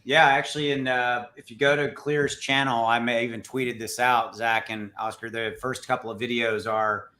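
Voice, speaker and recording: A man's voice: medium pitch, level tone, normal speed, few pauses, sharp tone. A man hosting a casual live crypto chat, talking loosely and teasing his guests with lots of fillers. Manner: loose, joking, filler-heavy. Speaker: livestream host.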